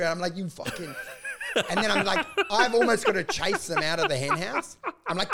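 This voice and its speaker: Animated, high-pitched man. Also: fairly quick, gravelly, background noise. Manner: animated storytelling, swearing, frequent laughing. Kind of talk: casual chat.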